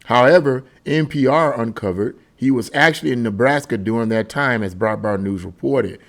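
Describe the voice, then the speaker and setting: A man's voice: mid-range voice, moderate pace. A male political commentator with a mid-range voice who speaks in an indignant, emphatic way. He presses his points by repeating words and phrases. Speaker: political commentary channel host.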